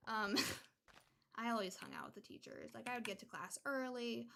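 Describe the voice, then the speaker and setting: A woman's voice: on the high side, animated, normal speed, vocal fry, sharp tone, a little hiss or hum. A young woman streaming a game, chatting casually and rambling from story to story. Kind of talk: casual chat while gaming. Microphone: desktop mic with adjustable gain.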